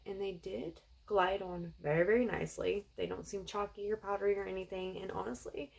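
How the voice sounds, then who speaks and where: A woman's voice: medium pitch, creaky, a little hiss or hum, poor audio. A young adult woman, gushing her way through a casual beauty haul review with lots of fillers. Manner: chatty, gushing, with frequent fillers. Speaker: beauty vlogger.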